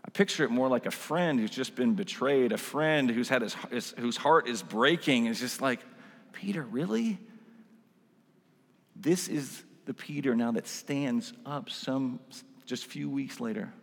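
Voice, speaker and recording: A man's voice: mid-range voice, moderate pace, big-room sound. A man preaching a sermon in a casual, conversational way, full of asides and "like"s. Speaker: pastor.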